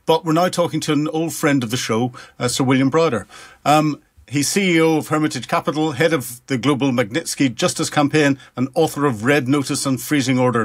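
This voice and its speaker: Northern irish radio host, chatty, loads of ums, mid pitched voice. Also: male voice, slightly rough. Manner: relaxed, fills gaps with ums and uhs. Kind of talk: radio interview.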